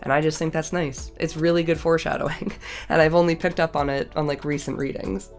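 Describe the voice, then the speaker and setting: A young woman who reads passages from a novel and then gushes about them in slangy, laughing asides. Her voice sits a bit low and sounds congested from a cold. Faint music plays under her. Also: steady tone, brisk. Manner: playful, laughing, slangy and enthusiastic. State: has a cold. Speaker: video essay host. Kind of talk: reading a novel aloud with casual commentary.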